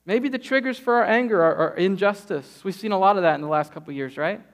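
A man in his thirties preaching a sermon, telling stories and acting out quotes with lively energy. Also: high voice, fast. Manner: lively storytelling, acts out quotes. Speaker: pastor.

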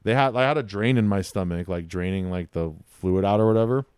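A man's voice: lowish voice, fairly quick, darkish tone, smooth, dry recording, studio quality. A young man in casual chat, laid-back and swearing freely, filling his talk with "dude" and "bro".

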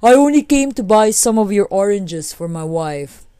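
A woman's voice: mid-range voice, animated, moderate pace, warm tone, clean tone, no room sound, clean studio sound, lightly acted. A woman voicing a brave young man in a folk tale, speaking earnestly and politely.

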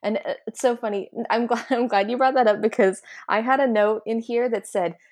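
A woman's voice: on the high side, steady tone, a little fast, a little mellow. A woman co-hosting a podcast in a casual chat, easygoing, laughing often and talking with many fillers. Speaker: podcast co-host.

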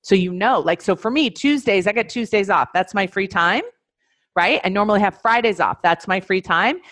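At a moderate pace, a woman with a mid-range, fairly bright voice coaches her webinar audience. There's no room sound in this studio-quality recording. As a life coach giving instruction, she is emphatic, says key phrases more than once, and talks directly to her listeners.

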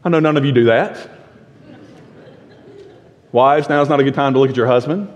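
A male pastor preaching a sermon, emphatic, full of rhetorical questions, swinging between loud and hushed. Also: mid-range voice, moderate pace, lo-fi sound, a little hiss or hum. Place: church sanctuary. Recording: long reverb of a church sanctuary.

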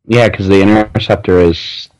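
A man co-hosting a casual podcast chat, asking quick questions and dropping dry quips. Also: low-pitched, steady tone, a little mellow, clear, resonant tone, dry recording, low-quality recording. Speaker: podcast co-host.

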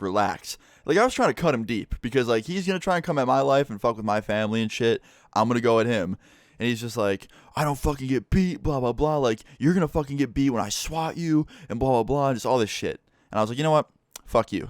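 A young man, a gaming streamer, telling a story in a casual, animated way with lots of swearing. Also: fairly low pitch, no echo, studio quality. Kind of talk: storytime vlog.

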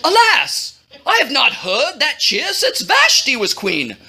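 A woman voicing an excitable, lovestruck king in a playful storybook telling, boisterous and goofy. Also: sits high, slow, pitched above the performer's own voice, heavily acted. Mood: astonished.

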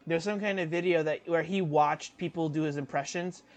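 On a podcast he co-hosts, a high-voiced young man keeps a steady tone while rambling casually, full of "like" and restarts. He breaks into quick voice impressions, and there's no echo.

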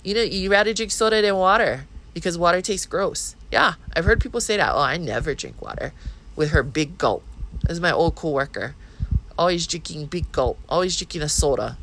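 A woman's voice: fairly low pitch, fairly quick, a bit bright, a little hiss or hum, poor audio. A woman in her thirties with a Hawaiian Pidgin accent, hosting a podcast in a blunt, profane, rambling monologue. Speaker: podcast host. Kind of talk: casual monologue.

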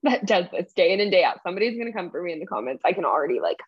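A tired young woman chatting casually as host, quick and self-deprecating. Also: on the low side, very animated, husky. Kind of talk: casual live chat. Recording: dull lo-fi live stream.

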